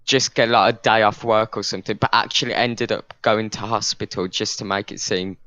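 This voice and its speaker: A man's voice: lowish voice, steady tone, fairly quick, bright, forceful tone, smooth, no echo. Argumentative young British man, dry sound. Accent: British English. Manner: argumentative, rambling with restarts. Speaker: podcast co-host. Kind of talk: casual debate chat.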